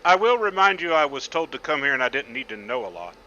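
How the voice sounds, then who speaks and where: A man's voice: medium pitch, very animated, fast, pushed and bright, lo-fi sound, slight background noise. A man telling a casual, self-deprecating story about his flight sim session, rambling and swearing freely. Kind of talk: casual storytelling over gameplay.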